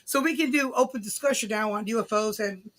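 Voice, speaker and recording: A woman's voice: fairly high pitch, a little fast, crowd noise. A woman co-hosting a live podcast stream, rambling casually with restarts and loose swearing. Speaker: podcast co-host.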